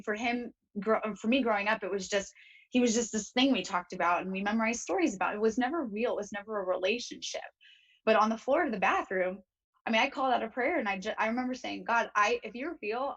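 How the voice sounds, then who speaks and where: A young woman speaks earnestly as a guest on a talk show, her voice sitting at an ordinary middle pitch. She grows emotional and keeps restarting her sentences as she tells her story. The studio sound is slightly dull and muffled. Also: animated, quick pace. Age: young adult.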